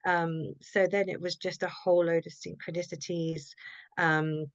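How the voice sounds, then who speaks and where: A woman, a guest author telling a personal story in a reflective, halting way and often quoting her own thoughts. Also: on the low side, level tone, dry recording. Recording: dull lo-fi sound, dry.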